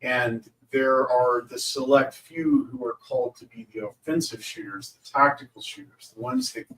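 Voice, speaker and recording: A man's voice: mid-range voice, sing-song, moderate pace, fairly bright tone, rough recording. A man in a casual group chat, making dry, wry remarks. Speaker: panel guest.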